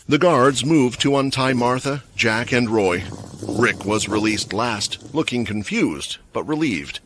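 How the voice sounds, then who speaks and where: Story narrator, male, lively pitch, faint hiss behind. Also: a little slow.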